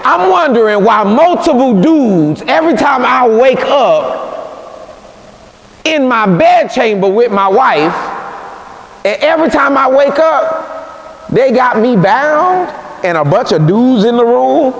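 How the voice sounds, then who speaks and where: A man's voice: extremely high pitch, very animated, slow pace, voice pushed up, exaggerated voice. A man preacher voicing Samson as a puzzled strong man, comically questioning himself, recorded in an echoey church hall. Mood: baffled.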